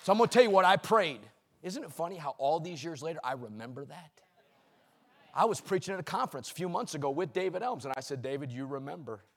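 A middle-aged male preacher delivering a sermon, shouting rhythmic repeated lines and dropping to quiet storytelling. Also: on the high side, animated, fast, some chatter behind. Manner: swings between shouted exclamations and quiet storytelling; repetitive, rhythmic preaching cadence.

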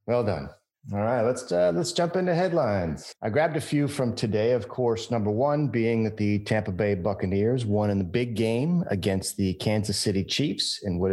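A man's voice: fairly low pitch, lively intonation, moderate pace, a little mellow. A man co-hosting a casual podcast, trading easygoing, opinionated banter. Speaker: podcast co-host. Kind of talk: casual chat.

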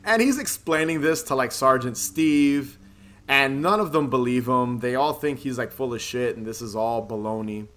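Bright-voiced man recapping a movie. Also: mid-range voice, moderate pace. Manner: rambling, laughs often, swears casually. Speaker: podcast co-host. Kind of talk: casual movie recap chat.

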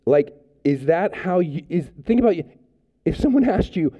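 A man's voice: a little high, animated, moderate pace, muffled recording. A man preaching a sermon as pastor, speaking in a conversational way with frequent fillers and restarts.

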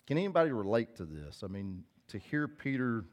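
Here a male pastor preaches in a very animated, fairly quick voice of medium pitch. It's a casual, straightforward sermon where he reads scripture aloud before explaining what it means to his audience.

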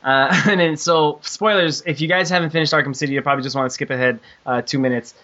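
Bright-sounding guy gushing about games on a podcast, lots of restarts, kinda muffled lo-fi audio. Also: on the high side, quick pace. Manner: excitable, swears, many restarts. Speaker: podcast host.

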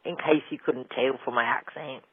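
A man's voice: medium pitch, fairly even intonation, moderate pace, slightly rough. A man with a British accent phoning in a question in a mock-pompous, teasing way. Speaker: caller. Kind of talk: phoned-in question. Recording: tinny phone line.

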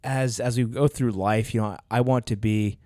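A man's voice: mid-range voice, steady tone, normal speed, mellow, dry recording, clean studio sound. A man co-hosting a podcast, talking in a casual, earnest way with many fillers and restarts. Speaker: podcast co-host. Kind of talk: casual chat.

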